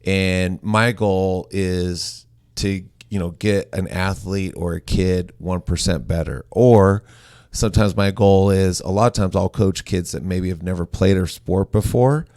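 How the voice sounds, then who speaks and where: A man's voice: low voice, unhurried, darkish tone, dry recording, studio quality. A man hosting a podcast in casual, playful banter. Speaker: podcast host. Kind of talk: casual chat.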